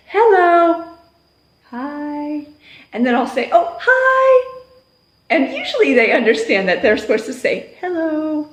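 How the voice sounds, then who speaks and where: Teacher, female, higher-pitched, explains calmly and bursts into loud calls; echoey room. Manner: calm explaining, bursting into loud sing-song classroom calls. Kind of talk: instructional talk on classroom routines.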